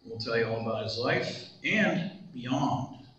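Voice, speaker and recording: A man's voice: medium pitch, animated, measured pace, a bit bright, muffled recording, a little hiss or hum. A man hosting an evening class, playful and rambling as he makes announcements to a live audience. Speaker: class host. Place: lecture room with live audience. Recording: echoey room from far off.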